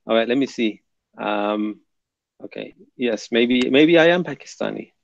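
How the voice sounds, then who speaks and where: A man's voice: mid-range voice, measured pace, gravelly, highs cut off. A man hosting a live stream, chatting casually and reading out viewer comments in a laid-back, joking way.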